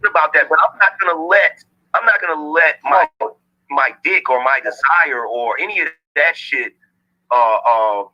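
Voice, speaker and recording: A man with a very bright, sharp, husky voice, pitched a bit high, arguing his point in a casual discussion. He's blunt and profane and keeps checking that you follow him. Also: normal speed, muffled recording. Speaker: guest on a discussion show.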